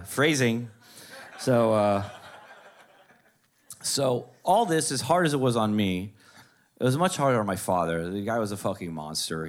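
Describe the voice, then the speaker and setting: A stand-up comedian tells a long family story in casual, profane talk. He jumps into high voices whenever he quotes his mother.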